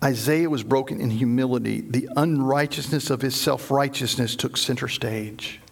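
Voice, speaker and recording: A man preaching a sermon, dramatic, dropping to low hushed tones for emphasis and acting out the voices he quotes. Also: moderate pace, vocal fry, slightly rough. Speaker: pastor.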